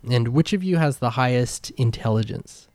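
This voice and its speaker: A man narrating a tabletop game as game master, talking in halting, filler-heavy bursts. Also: medium pitch, animated, a little mellow, no room sound.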